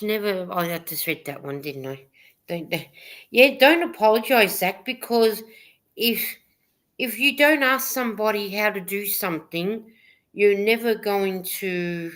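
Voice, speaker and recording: Bright-voiced woman chatting live. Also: mid-range voice. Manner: chatty, reads comments aloud, laughs often. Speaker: livestream co-host reading chat. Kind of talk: casual live chat.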